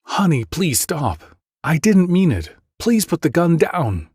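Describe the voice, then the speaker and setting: Man putting on a frightened wife begging in panic, voice pushed high, husky, dry close sound, ad read. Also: big pitch swings, slow, a little mellow, no echo, full character voice. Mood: pleading. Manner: desperate begging.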